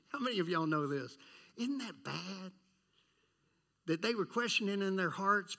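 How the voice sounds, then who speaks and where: A pastor with a high voice preaches a sermon in an animated way. He acts out voices and puts questions to the congregation.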